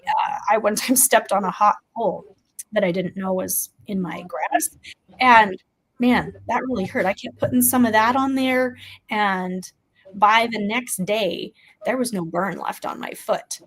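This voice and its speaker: A woman's voice: medium pitch, a little slow, a bit bright, rough recording. A woman hosting a livestream, chatting loosely in a stream-of-consciousness way about health tips. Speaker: host. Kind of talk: casual health talk on a livestream.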